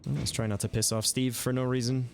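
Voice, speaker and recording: A man giving live gameplay commentary, thinking aloud in a relaxed way with some mild swearing. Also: mid-range voice, fairly quick, vocal fry, a little hiss or hum. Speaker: game streamer.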